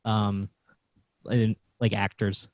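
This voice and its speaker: A man's voice: fairly low pitch, flat delivery, slow, darkish tone, no echo, highs cut off. A man who does stand-up comedy, a guest on a podcast, telling wry, self-deprecating stories in casual chat.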